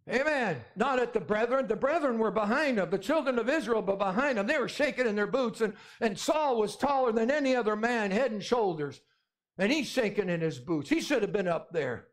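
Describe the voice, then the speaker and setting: A man with a high, ringing voice preaches with insistent, repetitive emphasis. He drives points home by repeating phrases and punctuating them with amen. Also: expressive, moderate pace. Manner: emphatic, repetitive, calls for amens. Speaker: pastor. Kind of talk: sermon.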